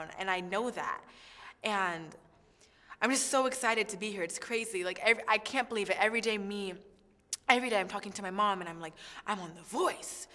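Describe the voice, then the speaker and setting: A young woman, a singing contestant, talking in a chatty, excitable way with lots of fillers in a backstage interview. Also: mid-range voice, big-room sound.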